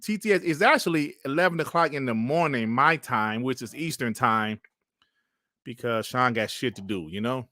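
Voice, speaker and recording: A man's voice: medium pitch, normal speed, pushed and bright, no room sound, studio quality. A man hosting a casual live stream, laughing often and trash-talking with plenty of swearing. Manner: laughing, profane trash talk.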